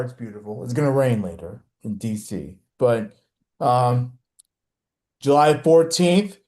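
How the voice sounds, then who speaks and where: A man's voice: medium pitch, darkish tone. A man hosting a casual sports podcast, rambling and hesitant with many restarts. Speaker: podcast host.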